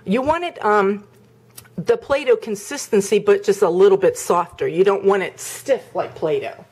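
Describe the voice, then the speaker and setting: A woman's voice: mid-range voice, moderate pace, a little mellow. A middle-aged woman chatting casually in a home cooking vlog, rambling with lots of "like" and "um" while she shows the dough with her hands. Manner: demonstrates with hands while talking.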